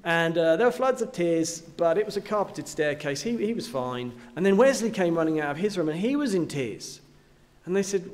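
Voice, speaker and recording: Guy preaching a sermon, earnest, slightly high voice, long echo in a big hall. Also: animated, fairly quick. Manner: earnest, with rhetorical questions and repetition.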